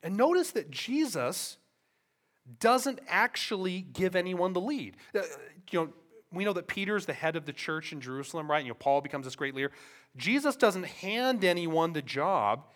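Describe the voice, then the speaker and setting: A man preaching in a church with a notably high voice. He moves between hushed reflection and loud emphasis, often checking in with rhetorical questions and relaxed asides. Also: moderate pace. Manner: impassioned, swings from soft to loud emphasis. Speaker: pastor. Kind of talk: sermon.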